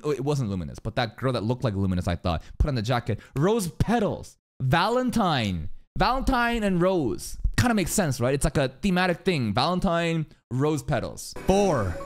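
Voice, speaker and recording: A man reacting live to an anime episode, excitable and swearing, often shouting questions at the screen. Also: fairly high pitch.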